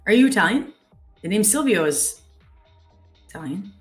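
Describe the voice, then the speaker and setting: A woman's voice: mid-range voice, lively intonation, normal speed, soft background music. A young Canadian woman hosting a live trading stream in casual chat, reading viewer comments aloud. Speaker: trading show host.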